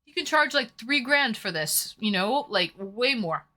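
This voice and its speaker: Bright-voiced chatty woman streamer. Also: fairly high pitch, lively intonation, measured pace. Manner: chatty, swears freely, reads out viewer messages. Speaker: streamer reading chat. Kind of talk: casual chat.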